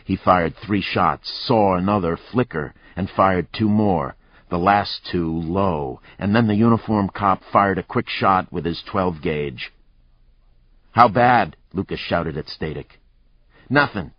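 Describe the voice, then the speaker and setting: A man narrating a thriller audiobook in a measured, even storytelling manner. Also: low voice, dry recording. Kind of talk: scripted narration. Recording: dry, slightly muffled recording.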